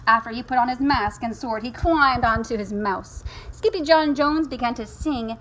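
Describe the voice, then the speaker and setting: A fairly high-voiced woman teacher reads a storybook aloud to children, playful and lively, pausing to chat with her listeners. Faint noise sits under the home recording. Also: low-quality recording. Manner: playful, animated, chats to listeners between pages. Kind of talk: reading a picture book aloud to children.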